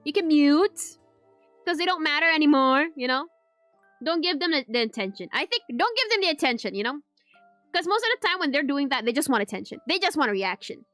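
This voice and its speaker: A woman's voice: high voice, sing-song, fairly quick, a bit bright, dry recording, faint music behind. A woman, chatting casually as a VTuber answering viewer questions, giggling often and rambling with restarts and Malay words mixed in. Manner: giggly, laughs often between sentences. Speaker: VTuber streamer. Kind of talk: casual Q&A chat.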